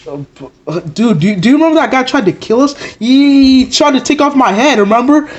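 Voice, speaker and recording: A man's voice: very high voice, animated, brisk, highs cut off, pitched above the performer's own voice. A man voicing an anxious, dim male puppet sidekick who stammers and worries. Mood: worried. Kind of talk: plush puppet comedy skit.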